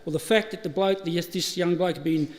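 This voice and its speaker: Australian man, middle-aged, high voice, laughing through stories, long hall reverb. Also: steady tone, a little fast. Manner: chatty, laughing, frequent restarts. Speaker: eulogy speaker. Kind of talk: storytelling eulogy. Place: funeral service hall. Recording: hall reverb, live stream.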